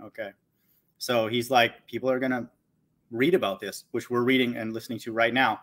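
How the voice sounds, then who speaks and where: A man's voice: mid-range voice, flat delivery, brisk, fairly bright tone. A man hosting a Bible channel, reading scripture aloud and commenting on it in a blunt, scornful way, repeating "okay" between his points. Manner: blunt and insulting, mocks listeners.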